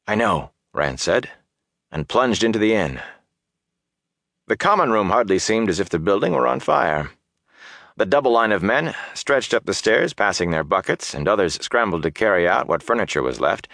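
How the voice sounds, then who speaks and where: A man narrating a fantasy audiobook in a steady, measured storytelling voice. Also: on the low side, gravelly, dry recording, studio quality.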